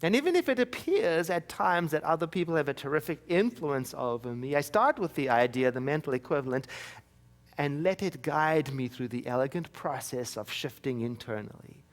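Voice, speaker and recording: A man's voice: a little high, animated, normal speed. A man giving a sermon as minister, telling personal stories with wry, self-mocking humor. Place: church.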